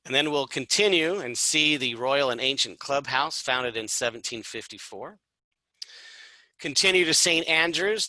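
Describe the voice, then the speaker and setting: Bright-voiced chatty man presenting tours. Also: medium pitch, no echo, rough recording. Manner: chatty, upbeat, with fillers and asides. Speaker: tour presenter. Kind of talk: informal travel presentation.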